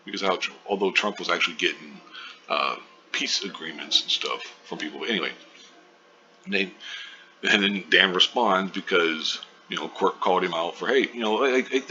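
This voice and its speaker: A man's voice: low-pitched, sharp tone. A man giving rambling, profane casual commentary, full of fillers and loose asides. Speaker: online commentary host. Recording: dull lo-fi with faint hiss.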